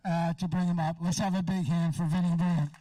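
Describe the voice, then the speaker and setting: A woman giving a halting stage introduction outdoors, pausing often with filler sounds. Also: lowish voice, little pitch movement, warm tone, dry recording, recorded from a distance, rough recording. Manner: halting, many uh pauses. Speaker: introducing the headliner. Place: outdoor parking lot show.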